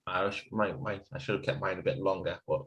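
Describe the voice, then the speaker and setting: Guy bantering and laughing over beers, lowish voice, echoey room. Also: fairly even intonation, fairly quick, a bit bright. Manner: laughing, rambling, swearing banter. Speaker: podcast co-host. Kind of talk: casual chat over beers.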